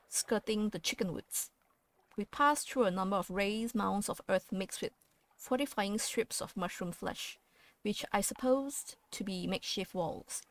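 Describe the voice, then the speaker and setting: A woman's voice: mid-range voice, a little slow. A woman playing a story game, reading its text aloud and chatting about her choices in a playful way. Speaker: let's play host.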